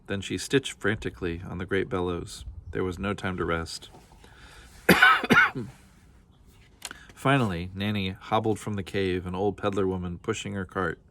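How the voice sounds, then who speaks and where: A man reading a children's storybook aloud with steady, expressive storytelling. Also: deep voice, a little slow, pauses often. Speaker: storybook reader.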